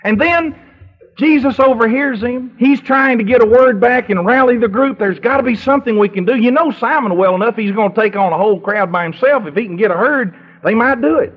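A man's voice: very high-pitched, fairly quick, few pauses, slightly rough. A male preacher retelling a story dramatically in a sermon and putting questions to his congregation. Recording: dull lo-fi recording.

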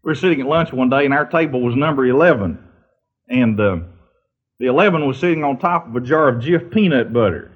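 A man's voice: mid-range voice, brisk, slightly rough. A man telling funny anecdotes in a folksy, rambling storyteller's way, now and then laughing or singing a line. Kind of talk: humorous storytelling. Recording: dull lo-fi recording.

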